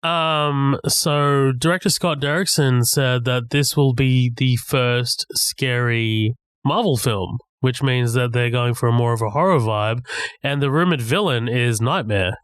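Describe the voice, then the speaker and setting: Brief: male podcast co-host, mid-pitched, measured and matter-of-fact, dead-dry recording. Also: clear, resonant tone, no room sound. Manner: measured, corrects and adds details. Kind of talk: casual pop-culture chat.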